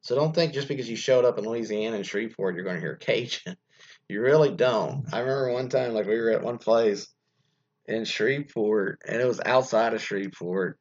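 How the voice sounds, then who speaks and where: A man's voice: mid-range voice, a little fast. A man hosting a casual commentary show, reading news items aloud and rambling off into his own asides, recorded with a dull lo-fi sound. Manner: rambling, reads items aloud then riffs on them.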